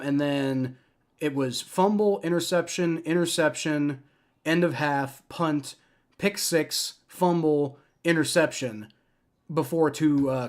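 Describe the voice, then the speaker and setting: A young man hosting a live play-by-play reaction stream, ranting and swearing in frustration as a fan. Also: medium pitch. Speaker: livestream reaction host.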